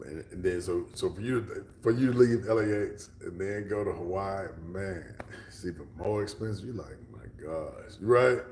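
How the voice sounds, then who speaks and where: A very deep-voiced man rambles through a casual livestream chat, answering his viewers by name. He slips into a whisper for asides, and his voice rings in a roomy, echoey space. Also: moderate pace, a little mellow, slight background noise. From Texas. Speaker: livestream host.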